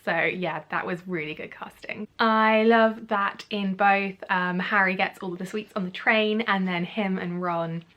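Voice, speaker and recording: This is a woman vlogging in a relaxed, chatty way. Her voice sits at an ordinary middle pitch. She rambles along with upbeat enthusiasm as she reviews for her audience. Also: unhurried, few pauses, highs cut off. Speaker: YouTuber comparing books and films. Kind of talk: casual chatty vlog review.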